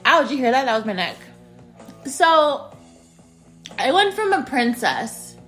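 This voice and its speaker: A woman's voice: high-pitched, sing-song, a little slow, fairly bright tone, faint music behind. A woman in her thirties hosting a casual solo podcast from a spare bedroom at home. She talks straight to her listeners and repeats her phrases. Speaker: podcast host.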